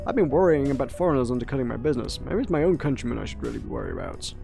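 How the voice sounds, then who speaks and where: A man's voice: mid-range voice, huge pitch swings, very fast, creaky, dark tone, soft background music. A man voicing a worried middle-aged shop owner and father in a video game, talking in a fretful, chatty way.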